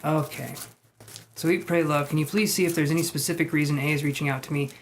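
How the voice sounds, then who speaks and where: A man giving a live-streamed tarot reading, reading chat messages aloud and thinking aloud in a relaxed, soft-spoken way. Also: on the high side, quick pace, a little hiss or hum. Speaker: tarot reader.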